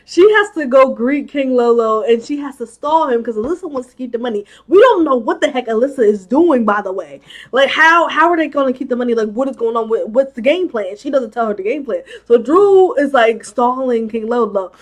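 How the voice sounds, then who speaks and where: A woman's voice: fairly high pitch, lively intonation, fairly quick. A young woman casually recapping a movie plot. She talks in a chatty way, uses "like" constantly and breaks into exclamations of disbelief. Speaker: movie commentator.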